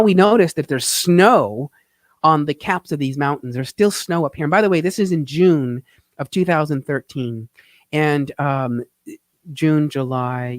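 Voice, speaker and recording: Host, man, a touch high, dry close sound, earnest and reflective talk over his photos. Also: dry recording. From Phoenix, Arizona. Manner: reflective, earnest, halting with fillers. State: getting emotional. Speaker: host, tax teacher. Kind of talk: live-show narration over travel photos.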